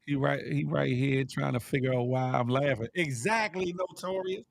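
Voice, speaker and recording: A man's voice: medium pitch, moderate pace, creaky, no echo, studio quality. A man hosting a casual livestream, reading the chat aloud and teasing viewers with a playful, laughing manner.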